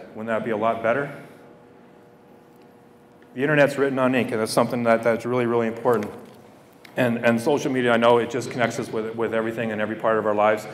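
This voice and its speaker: A man's voice: medium pitch, a little hiss or hum. A middle-aged man from Canada giving a heartfelt public speech to students, repeating phrases for weight. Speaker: guest speaker. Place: school hall or gym. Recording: echoey hall from far off.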